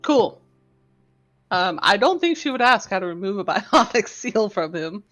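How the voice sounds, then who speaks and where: A woman's voice: medium pitch, very animated, measured pace, fairly bright tone, faint music behind. A woman playing a tabletop game, giggling as she narrates what her character does. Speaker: player. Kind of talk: tabletop role-play narration. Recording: dull, lo-fi audio.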